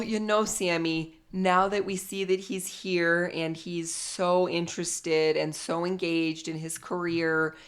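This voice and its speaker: A woman co-hosting a casual podcast, her voice sitting a bit on the low side. She talks in an excitable, gossipy way, laughing often and dropping the odd swear word. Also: clean tone. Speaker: podcast co-host. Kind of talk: casual chat about reality TV.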